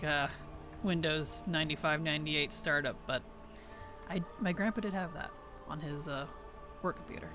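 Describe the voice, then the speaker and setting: A woman streamer in casual livestream chat, thanking subscribers, answering chat and giggling often. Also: on the low side.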